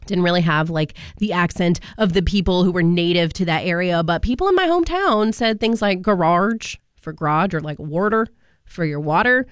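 A woman's voice: lowish voice, expressive, fairly quick, hardly any pauses, clean tone, no room sound, clean studio sound. A woman from Virginia hosting a radio show, talking in a chatty, conversational way. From Virginia, USA. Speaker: radio host. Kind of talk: casual radio talk. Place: radio studio.

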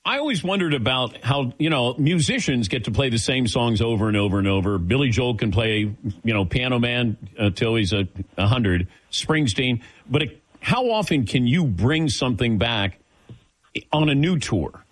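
A man hosts a relaxed interview and asks his guest questions. He jokes around and laughs along with the guest's answers. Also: mid-range voice, normal speed. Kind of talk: casual interview chat.

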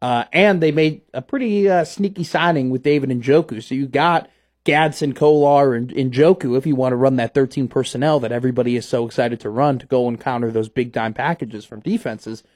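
A man hosting a casual sports talk show, rambling playfully and getting animated about his team. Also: medium pitch, brisk.

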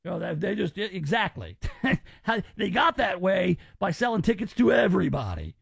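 High, gravelly radio talk host. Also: male voice, big pitch swings, moderate pace, a bit bright, dry recording, studio quality. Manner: rambling, with restarts and asides. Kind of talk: casual talk radio chat.

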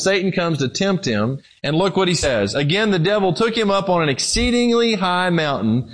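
A man preaching a sermon, telling a story and then pressing his listeners with emphatic questions. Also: a little high.

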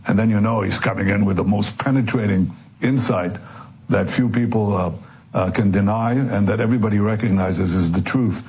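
A man, a political leader, answering interview questions earnestly, with halting restarts. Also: on the low side, fairly even intonation, a little mellow, husky, poor audio.

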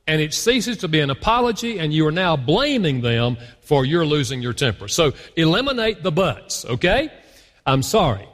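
A man's voice: a little high, fairly bright tone. A man giving an earnest teaching talk to a conference audience. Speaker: guest speaker. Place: large conference hall. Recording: long hall reverb from a live conference.

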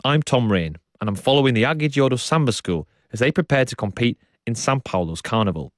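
A man presenting a radio documentary, narrating and describing what he sees in a calm, descriptive way. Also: medium pitch, a little fast, no echo. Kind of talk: documentary narration and on-site reporting.

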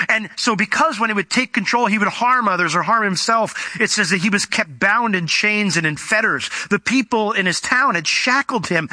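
A male preacher with a high voice delivers an animated expository sermon, explaining the meanings of words and posing rhetorical questions. The recording is dry.

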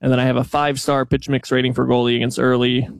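Male stats analyst, gravelly, dry close sound, rapid numbers. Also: medium pitch, little pitch movement, dry recording. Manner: dense, stat-heavy rundown with fillers. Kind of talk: casual sports talk.

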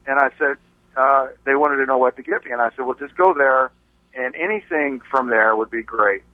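A man's voice: medium pitch, steady tone, moderate pace, no echo. A male caller speaks hesitantly on a dull, dry phone line. He stammers and repeats words as he talks.

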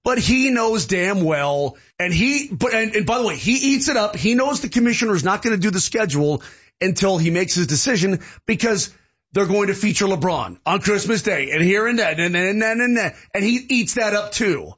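A man's voice: high-pitched, animated, normal speed, a bit bright, slightly rough. A man co-hosting sports talk radio, emphatic and repeating himself as he argues. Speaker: radio co-host. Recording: lo-fi radio broadcast.

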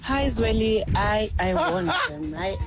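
A woman's voice: a little high, animated, takes it slowly, gravelly, music in the background. Amused woman's voice note. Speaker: caller leaving a voice note. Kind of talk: casual voice note.

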